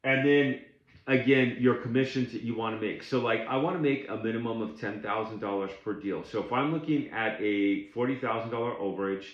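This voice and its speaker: A man's voice: mid-range voice, a little fast, reverberant, lo-fi sound. A man coaching beginners in a casual, blunt and plainspoken way, often restarting his sentences. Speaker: tax overage business coach. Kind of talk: casual instructional talk to camera.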